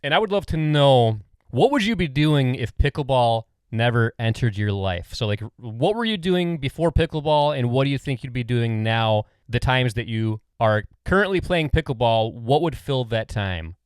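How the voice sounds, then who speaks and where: A man's voice: medium pitch, expressive, normal speed, hardly any pauses, smooth, no room sound. A man hosting a podcast, chatting casually, laughing often, and leading into segments. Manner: easygoing, laughs often, plain segment lead-ins. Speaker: podcast host.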